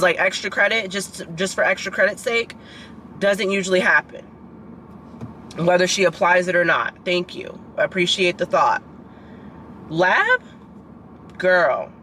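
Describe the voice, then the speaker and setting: A 22-year-old student and vlogger rants in frustration straight to her viewers in a casual vlog, constantly saying "like" and "girl." Her voice is lowish yet bright, her tone forceful, and the low-quality recording carries a little hiss or hum.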